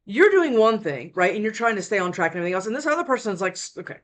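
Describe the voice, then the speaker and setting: A woman's voice: mid-range voice, very animated, very fast. A worn-out woman giving a casual tarot reading at home into a close desk mic, rambling with many restarts. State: worn out from lack of sleep. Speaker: tarot reader. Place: indoors at home.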